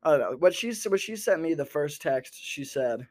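A man's voice: fairly high pitch, lively intonation, normal speed, hardly any pauses, darkish tone. A young man rambling into a microphone in a sardonic stand-up style, full of fillers. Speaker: comedian podcaster. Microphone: talking into a microphone.

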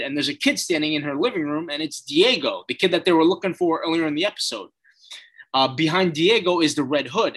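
A man's voice: a little high, bright, forceful tone. A man recapping a TV episode in a casual, blunt way, swearing and using plenty of fillers. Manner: blunt, profane, frequent fillers.

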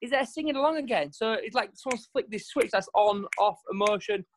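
A man talks casually, his fairly high voice leaping up whenever he quotes someone. He tells everyday stories with animation and quick switches of tone. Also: a little hiss or hum. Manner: animated storyteller, jumps pitch for quoted voices. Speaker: podcast co-host. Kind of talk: casual chat.

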